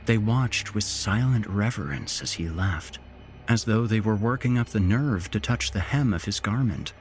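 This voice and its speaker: A man hosting a horror podcast, reading a story in an expressive, unhurried narration. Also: fairly low pitch.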